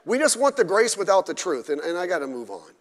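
Speaking fast with big swings in his high voice, a male pastor delivers a blunt, emphatic midweek sermon peppered with mockery. The recording carries the echo of the church hall.

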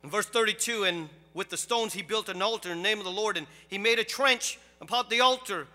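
A high, very bright male voice preaches a sermon, moving from soft storytelling to loud, animated calls. The sound carries a long hall echo with faint music behind it. He talks as a pastor to his congregation. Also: a little fast.

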